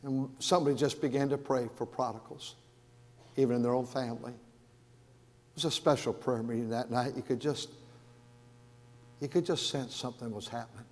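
A man preaching as the pastor of his church, earnest and stumbling over repeated words, rising loud and then dropping to a hush. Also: medium pitch, steady tone, normal speed, long pauses. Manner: earnest, repeats and restarts words, swings from raised to hushed. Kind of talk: sermon. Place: large church sanctuary. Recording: long hall reverb.

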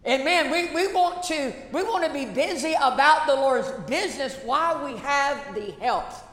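A woman pastor delivers an emphatic sermon in a high voice, repeating key phrases and tossing questions to the congregation. Her voice rings through a roomy church sanctuary with a long, trailing echo. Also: expressive, normal speed, fairly bright tone. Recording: echoey church hall reverb.

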